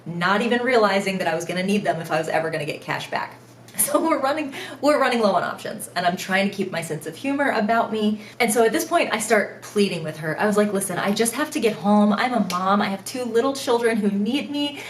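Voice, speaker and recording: Young mom vlogger telling a story, lots of laughing at herself, echoey room w faint hum behind. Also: female voice, medium pitch, brisk. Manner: animated, self-mocking storytelling with frequent laughs. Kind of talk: storytime vlog.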